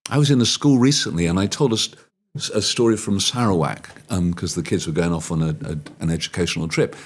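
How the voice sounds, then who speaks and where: A man, a professional storyteller, telling folk tales in an animated interview chat. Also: low voice, fast talker. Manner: expressive, swings into character voices. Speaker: storyteller guest.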